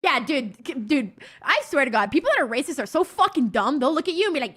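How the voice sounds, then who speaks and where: High, lively, foul-mouthed woman streamer. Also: fast talker. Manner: profane, blunt, excitable. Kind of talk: casual livestream chat with viewers.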